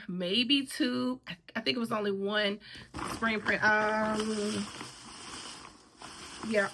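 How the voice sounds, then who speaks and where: A woman in her forties from talks casually to the camera, chatty and rambling, with plenty of "y'all" and side stories. Her voice is hoarse and worn out. Underneath the hoarseness it sits slightly high and sounds bright and forceful. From Birmingham, Alabama. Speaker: sewing vlogger.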